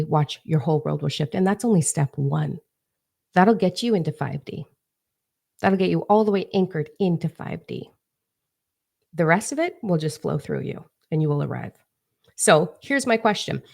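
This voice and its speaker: Brash low-voiced woman with gravelly fry. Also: a little mellow. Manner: brash, profane, emphatic. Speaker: spiritual coach and psychic. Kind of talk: livestream talk to viewers. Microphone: phone.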